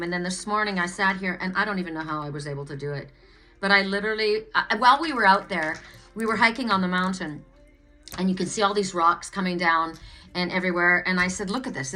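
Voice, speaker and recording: Bright-voiced woman telling a rambling story. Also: medium pitch. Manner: animated, rambling, bursts into loud exclamations. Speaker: oracle card reader. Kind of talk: casual spiritual storytelling. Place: home.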